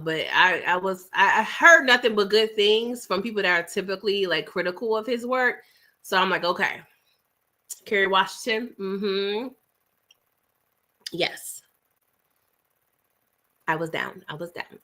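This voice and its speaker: Bright-voiced chatty woman livestreaming. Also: mid-range voice. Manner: chatty, animated, uses "child" and "y'all". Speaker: livestream host. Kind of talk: casual chat with live viewers.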